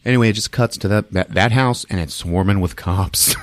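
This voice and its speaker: A male podcast host giving a comedic, profane movie recap as an animated, laughing storyteller. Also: fairly low pitch, normal speed, no echo.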